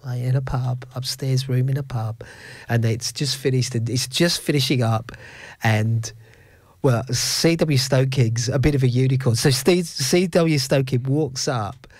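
A man's voice: mid-range voice, measured pace, darkish tone, no room sound. A middle-aged man hosting a radio show, telling stories in a rambling, chuckling way. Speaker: radio host. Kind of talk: casual radio chat.

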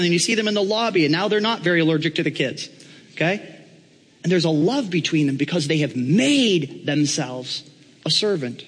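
Joking pastor preaching in an echoing hall. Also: male voice, on the high side, fairly bright tone, breathy edge. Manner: conversational, joking with the congregation. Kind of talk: sermon.

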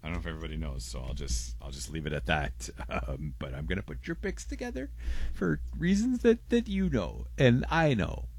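Low-voiced man rambling on morning radio. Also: very animated, a little fast, gravelly, a little mellow, no room sound. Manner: rambling, stammers and restarts, laughs often. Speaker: radio show co-host reading listener messages. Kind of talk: casual radio banter.

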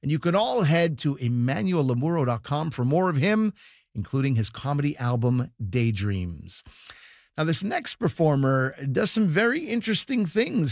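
Guy hosting a comedy show, reading intros, slightly high voice, dead dry sound. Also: no room sound. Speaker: radio comedy show host. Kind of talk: scripted introductions.

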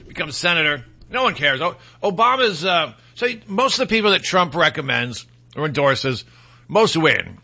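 A man with a Michigan accent hosts a political talk show, rambling from point to point with blunt opinions and folksy asides. His voice sits high and sounds very bright and sharp.

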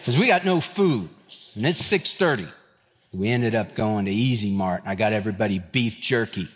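A man's voice: on the low side, expressive, normal speed, husky, long reverb tail. A man, preaching a sermon and telling a folksy story, acting out the voices in it. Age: 50s. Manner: folksy storytelling, acts out dialogue. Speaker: pastor.

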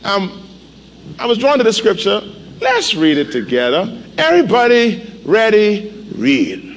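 A male pastor preaching a sermon, animated, with call-and-response and sudden shouts, in a church. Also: high-pitched, a little slow, slight background noise. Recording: echoey hall, faint ambience.

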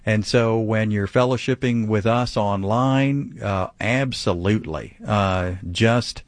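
Emphatic low-voiced pastor. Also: male voice, slow, dry recording. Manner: animated, emphatic and preachy. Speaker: pastor answering callers. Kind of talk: call-in radio teaching.

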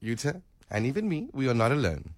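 A man's voice: mid-range voice, wildly swooping pitch, a little fast, no echo. A South African man co-hosting a radio show, teasing and laughing through casual banter. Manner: laughs often, playful teasing.

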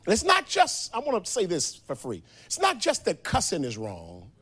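A man delivering a sermon in a high voice that swoops up and down all the time. He retells scripture in casual modern slang, drops low and quiet for the story, and builds to sung, shouted peaks. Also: huge pitch swings, normal speed, hardly any pauses, husky. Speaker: preacher.

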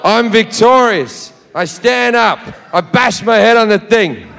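A man's voice: high voice, animated, measured pace, gravelly, fairly bright tone, a little hiss or hum. An Australian man telling a profane stand-up story, brash and swearing freely, recorded live in a reverberant hall. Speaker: stand-up comedian.

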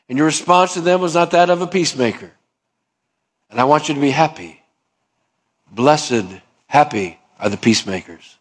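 A man preaching a sermon as pastor, asking the congregation questions and acting out imagined conversations with his voice swinging up and down. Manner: acts out dialogue, swinging pitch up and down for imagined people.

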